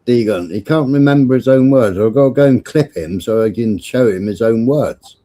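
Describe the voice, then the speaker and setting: A man's voice: medium pitch, moderate pace, dark tone. A man hosting a casual livestream, blunt and sweary with teasing banter. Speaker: livestream host.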